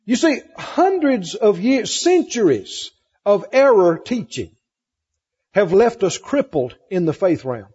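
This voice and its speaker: A man's voice: sits high, big pitch swings, slow pace, a little mellow, slightly rough. A man preaching a sermon with emphatic, repetitive phrasing, asking the congregation questions. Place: church hall with congregation. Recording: muffled recording in a hall with long reverb.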